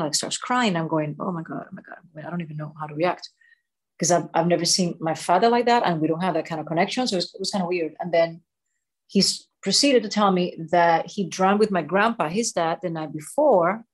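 A woman in her forties, a show co-host, telling a personal story with halting restarts and repeated words. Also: fairly low pitch, slightly rough. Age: 40s.

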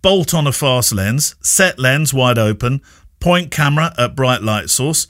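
A man's voice: medium pitch, animated, unhurried, fairly bright tone, dry recording, studio quality. A man hosting a podcast, joking with his co-host and reading listener mail aloud. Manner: teasing, laughs often.

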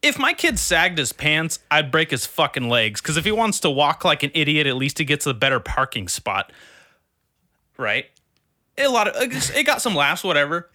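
A man's voice: on the high side, normal speed, no echo, studio quality. A man in his twenties, a stand-up comedian, telling stories in a casual chat, full of swearing and fillers. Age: 20s. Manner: profane, animated storytelling with many fillers.

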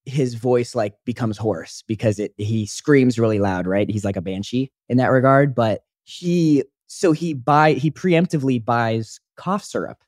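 A young man in casual podcast chat, piling up fillers as he rambles through a story. His voice sits at an ordinary middle pitch and sounds close and dry, with no room around it. He talks loosely and freely. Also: unhurried, few pauses, a little mellow, no echo. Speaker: podcast co-host.

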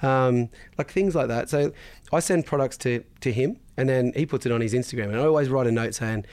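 A man's voice: medium pitch, fast talker, a little mellow. A man, a guest in a casual interview, telling stories bluntly and swearing freely. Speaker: podcast guest, business founder.

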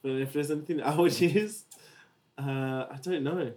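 A man's voice: fairly high pitch, moderate pace, darkish tone. A man in casual chat, hesitant, often trailing off with fillers.

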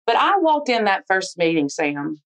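A woman's voice: medium pitch, normal speed, low-quality recording. Candid woman telling her story. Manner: animated, candid, frank storyteller. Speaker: interviewee, football official. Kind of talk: storytelling in an interview.

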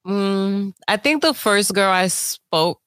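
A young woman on a casual livestream speaks very slowly and haltingly, leaning on fillers. Her voice sits in a middle range. The sound is dry and close. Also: medium pitch, expressive, a bit bright, clear, resonant tone, no echo. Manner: slow, halting, filler-heavy. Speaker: co-host.

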